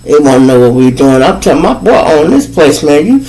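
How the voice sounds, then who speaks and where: Animated Chicago man telling a story. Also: on the high side, a little fast, hardly any pauses, soft background music, poor audio. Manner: animated, acts out both sides of arguments; profane street slang. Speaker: podcast host telling a story. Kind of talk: casual storytelling to viewers.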